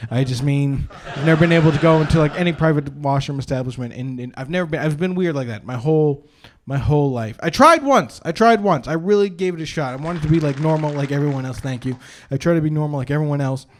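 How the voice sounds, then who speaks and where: A man's voice: a little high, fast, darkish tone, slight background noise. A young man doing live stand-up comedy at a brewery show, telling rambling self-deprecating stories with lots of "uh" and restarts.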